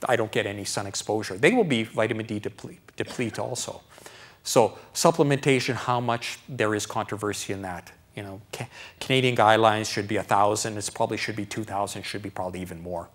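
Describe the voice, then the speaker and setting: A middle-aged man, a doctor, giving a live health lecture to an audience in a chatty, animated way, often checking in with "right?". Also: mid-range voice. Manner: animated, conversational, keeps asking "right?", acts out his own thoughts.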